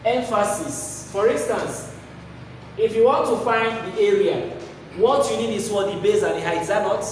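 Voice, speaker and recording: This maths teacher's voice sits high and moves at normal speed as he leads the class, repeating key phrases and asking questions he doesn't expect answered. The recording picks him up distantly in a reverberant hall, with a little hiss or hum.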